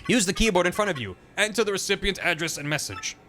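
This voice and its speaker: A man voicing a proud male computer who speaks in a stiff, measured, formal way and is puzzled by feelings. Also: sits high, very animated, pushed and bright, faint music behind, voice pushed up, heavily acted. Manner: stiff, measured robotic delivery.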